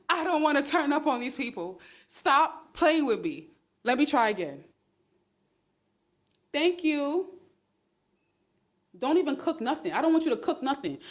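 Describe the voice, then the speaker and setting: A woman hosting a casual livestream on her phone, talking in a sarcastic, exclamatory and animated way. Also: sits high. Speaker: livestream host.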